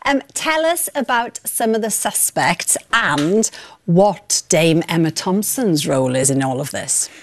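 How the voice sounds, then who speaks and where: A woman's voice: fairly low pitch, lively intonation, measured pace, a little hiss or hum. A woman co-hosting an interview, asking questions in a chatty way. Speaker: co-host interviewer. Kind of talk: casual interview chat.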